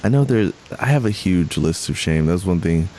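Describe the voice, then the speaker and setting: Deep and darkish, the young man's voice carries lively intonation at a normal speed as he co-hosts a podcast. He rambles through the casual conversation, restarting sentences, correcting himself and laughing a lot, over a faint hiss.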